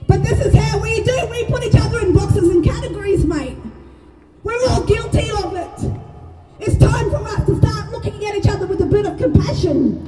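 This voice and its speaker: High-voiced Australian woman shouting to a crowd. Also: moderate pace, music in the background. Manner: shouted, raw and emotional, swears freely. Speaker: mother speaking at a rally. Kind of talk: impassioned public speech. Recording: echoey, far from mic, crowd noise.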